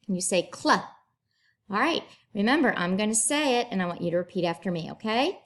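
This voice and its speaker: A woman teacher, patiently leading young children through a phonics lesson and sounding each blend out clearly. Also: mid-range voice, expressive, fairly bright tone. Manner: slow, clear enunciation with drawn-out sounds; patient, encouraging.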